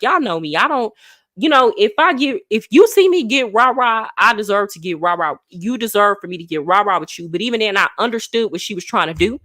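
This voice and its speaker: A woman on a livestream who tells a story casually and acts out the people she quotes in lively voices. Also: medium pitch, no room sound, clean studio sound. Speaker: livestream host.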